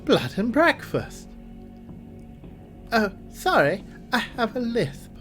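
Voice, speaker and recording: A woman's voice: a little high, sing-song, slow, faint music behind, pitched above the performer's own voice. A woman voicing a hunched, grinning, creepy male innkeeper in a video game who stresses words oddly and cheerfully. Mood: creepily cheerful.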